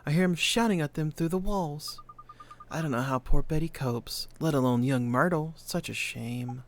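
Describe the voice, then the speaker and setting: A woman voicing a kindly, gossiping old neighbor in a video game, talking softly and fussily. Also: low-pitched, moderate pace, slight background noise. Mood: gossipy. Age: older. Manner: soft-spoken, fussy, gossiping.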